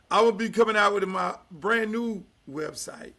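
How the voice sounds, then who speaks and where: An older man from Miami hosting his own podcast, talking in a loud, emphatic, profane way that drops to low confessional asides. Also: normal speed, hardly any pauses. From Miami, United States. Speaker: podcast host. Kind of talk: casual profane talk-show monologue.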